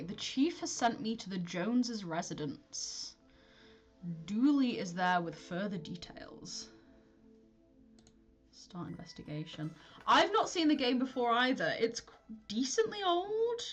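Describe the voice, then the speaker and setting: A young woman streamer chatting casually and self-deprecatingly while she plays a detective game, often giggling. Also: mid-range voice. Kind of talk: casual gameplay commentary.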